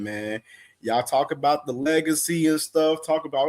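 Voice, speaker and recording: Man co-host, slightly high voice, easygoing slang, repeats himself. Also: normal speed. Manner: laid-back, repetitive, casual slang. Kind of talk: live-stream commentary.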